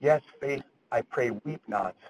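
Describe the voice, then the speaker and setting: A man reading aloud as an aged king, bewildered and humble, begging not to be mocked. The delivery is unhurried, close to the reader's own plain voice, with pitch at an ordinary level. A faint hiss sits under it. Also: a little mellow, close to an everyday voice, low-quality recording. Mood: pleading. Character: elderly male king, confused and humbled.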